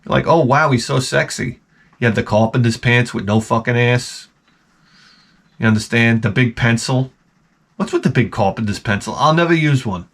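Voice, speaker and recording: A man who installs closets, telling a profane, animated story in a casual rant and acting out the people in it. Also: mid-range voice, normal speed.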